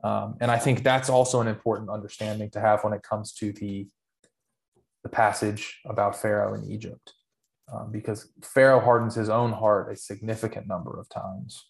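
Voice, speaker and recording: A man's voice: on the low side, little pitch movement, moderate pace, gravelly. Earnest man explaining at length. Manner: earnest, rambling explanations with restarts. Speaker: podcast co-host. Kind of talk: casual theological discussion.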